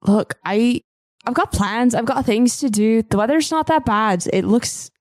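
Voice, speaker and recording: A woman's voice: on the high side, measured pace, dry recording, studio quality, natural voice. Woman playing a cocky young woman sailor. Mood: defiant. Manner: cocky, teasing, defiant.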